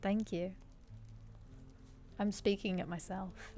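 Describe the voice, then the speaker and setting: A woman's voice: fairly high pitch, steady tone, moderate pace, slight background noise. A woman with an English accent chatting casually and laughing with viewers while streaming a fantasy game. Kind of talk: casual live-stream chat.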